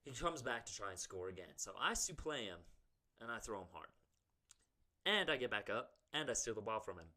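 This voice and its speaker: A man's voice: lowish voice, big pitch swings, brisk, pushed and bright. A young man co-hosting a podcast, telling a crude, jokey story in casual chat. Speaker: podcast co-host.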